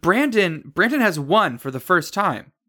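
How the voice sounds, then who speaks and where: A man co-hosting a podcast, chatting casually in an excitable, jokey way. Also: sits high, a little slow. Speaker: podcast co-host. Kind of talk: casual chat.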